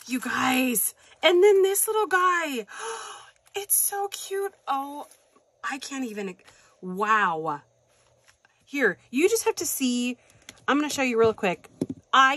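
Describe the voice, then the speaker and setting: This woman's medium-pitched voice comes through with no room sound as she casually chats through unboxing happy mail. She's gushing and excitable, gasping a lot and warmly addressing viewers as "hon" and "you guys."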